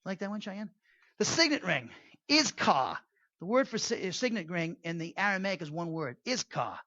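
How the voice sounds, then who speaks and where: A man's voice: high voice, brisk, bright, forceful tone, no room sound, muffled recording. A man teaching an evening Bible study in a casual, digressive way, with restarts and asides.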